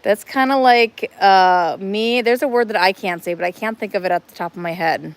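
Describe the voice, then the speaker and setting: A woman's voice: mid-range voice, normal speed, dry recording. A woman hosting a casual live stream, chatty and rambling, filming on a phone while walking around an outdoor cat playground. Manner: chatty, rambling, laughs easily.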